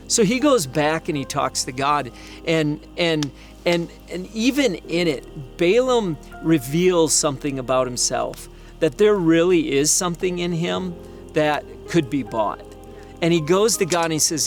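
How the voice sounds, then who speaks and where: A middle-aged man preaching, an animated storyteller who acts out the voices in the story. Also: on the high side, a little slow, soft background music. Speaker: pastor. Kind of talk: sermon storytelling.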